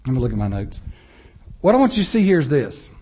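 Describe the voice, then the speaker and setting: A man preaching a sermon, animated and conversational, acting out people's prayers and mocking voices as he goes. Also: medium pitch, fast talker, breathy edge. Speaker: pastor.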